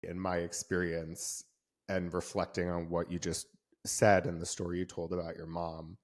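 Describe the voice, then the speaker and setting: A man hosting a podcast who reflects on his guest's words in a measured, candid way. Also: low-pitched, completely flat delivery. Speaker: podcast host. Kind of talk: conversational podcast interview.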